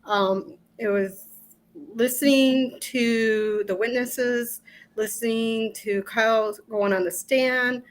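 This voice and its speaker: Middle-aged woman telling her story real slow, halting, keeps restarting, nervous laughs. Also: fairly high pitch, steady tone, low-quality recording. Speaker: interview guest. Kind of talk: emotional personal account.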